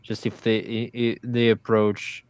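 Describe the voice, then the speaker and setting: A man's voice: on the low side, monotone, unhurried, clean tone, no room sound. A man playing a tabletop game, talking in a hesitant, dry, understated way. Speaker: player. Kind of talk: casual tabletop game play.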